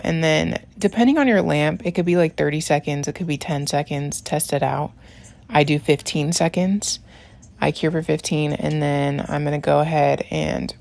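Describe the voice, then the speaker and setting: A woman's voice: sits low, creaky, darkish tone. A young woman talking through a nail tutorial in a casual, rambling way, with many "like"s and chatty asides. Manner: rambling, lots of "like", laughs while talking.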